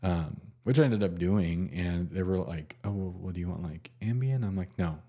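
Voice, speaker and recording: A man, a nurse, telling a personal story in a casual, halting way with many fillers and restarts. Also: deep voice, warm tone.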